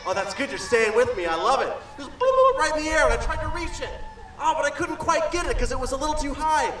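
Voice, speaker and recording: A man's voice: very high voice, sing-song, fast talker, fairly bright tone, slight background noise. A man performing as a children's entertainer on an outdoor amphitheater stage, telling an interactive story with playful sound effects. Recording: echoey outdoor stage, far from the mic.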